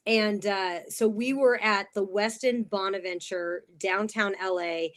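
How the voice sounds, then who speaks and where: A woman's voice: mid-range voice, a little slow. A middle-aged woman, a podcast guest, telling stories casually with lots of fillers. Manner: animated storyteller, many fillers. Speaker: guest, sales specialist. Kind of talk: casual chat, storytelling.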